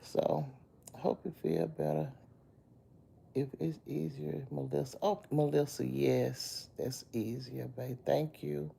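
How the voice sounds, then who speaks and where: A woman's voice: a bass voice, steady tone, slow pace, vocal fry, mellow, breathy edge. A sick woman with a chest cold, lying in bed and chatting on a phone live stream, greeting viewers by name and calling them baby. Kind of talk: casual live-stream chat.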